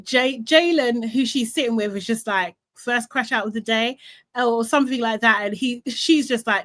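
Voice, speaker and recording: A woman hosting a casual live recap, retelling the drama in a chatty, animated way with some swearing. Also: on the high side, moderate pace, no room sound. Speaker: reality show recap host.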